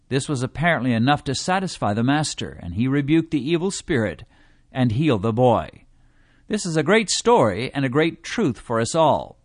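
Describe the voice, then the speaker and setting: A man reading a devotional teaching in a measured way, slowing down to stress quoted scripture. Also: mid-range voice, very animated, no echo, clean studio sound. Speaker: preacher.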